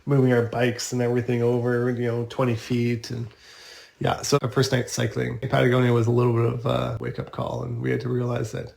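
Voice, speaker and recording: A man from Canada recounts a camping night as a podcast guest, easygoing and matter-of-fact. His voice has a gravelly fry to it at a middle pitch. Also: completely flat delivery, fairly quick, darkish tone. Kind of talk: casual storytelling in a podcast interview.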